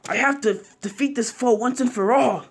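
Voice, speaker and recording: A man's voice: very high voice, normal speed, husky, pitched above the performer's own voice, full character voice. A man voicing a grave, self-sacrificing old male village leader in a fan-made story narration. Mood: solemn. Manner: solemn, raising his voice for a battle cry.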